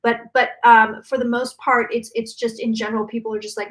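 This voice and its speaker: A woman psychic channeling predictions live, talking fast and emphatically with many restarts. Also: a little high, flat delivery.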